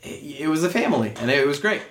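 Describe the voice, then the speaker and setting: A man's voice: fairly high pitch, very animated, quick pace, fairly bright tone. A man hosting a podcast, joking around and asking long, rambling questions in casual talk. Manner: jokey, chatty, asks long rambling questions. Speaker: podcast host. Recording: roomy with faint noise.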